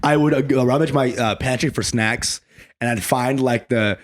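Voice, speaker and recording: A man co-hosting a comedy podcast, telling animated, profane stories and laughing often. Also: medium pitch, moderate pace. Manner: animated storyteller, laughs often, swears freely. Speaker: podcast co-host. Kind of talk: casual comedic chat.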